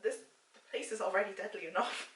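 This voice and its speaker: A woman's voice: mid-range voice, fast talker, noisy background. A woman co-hosting a vlog with her mother, playful and teasing as she quizzes her. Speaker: vlogger's daughter, co-host. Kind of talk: casual snack-tasting chat. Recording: echoey room, camera set far off.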